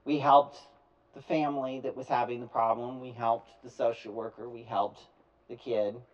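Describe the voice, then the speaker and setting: A man telling stories to an audience, acting out both sides of phone calls in an animated way. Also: medium pitch, normal speed. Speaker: speaker telling his story. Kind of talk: storytelling talk to an audience. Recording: distant, dull lo-fi recording.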